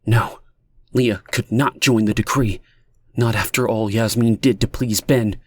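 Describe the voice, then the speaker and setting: A man with a low voice reading a dark novel aloud. His narration is steady and measured. The sound is dry and close, with no room around it. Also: no room sound. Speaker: audiobook narrator. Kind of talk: audiobook narration.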